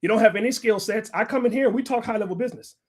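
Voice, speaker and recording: A middle-aged man hosts a livestream and lectures his viewers in a combative, profane tone. His voice sits fairly high for a man. He argues hard and curses freely. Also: quick pace. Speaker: livestream host. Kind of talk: ranting livestream commentary.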